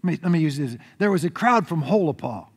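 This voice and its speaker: Man, pastor, animated sermon, long church reverb. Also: on the high side, fast, breathy edge. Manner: animated storytelling preacher, acts out crowd shouts. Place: church sanctuary.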